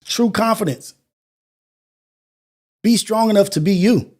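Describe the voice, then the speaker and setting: High-pitched dude hosting a morning show, earnest and preachy, keeps repeating himself. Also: male voice, slow, darkish tone. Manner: earnest, preachy, repetitive phrasing. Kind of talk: motivational monologue.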